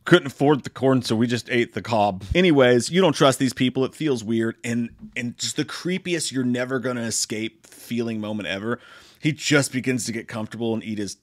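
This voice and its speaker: A man's voice: medium pitch, fairly quick. A young man giving a rambling, joking, profanity-filled movie review.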